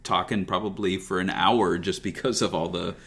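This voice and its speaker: Rambling podcast host man, low voice. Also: steady tone, normal speed, gravelly. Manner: rambling, reads listener messages aloud. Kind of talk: casual podcast chat.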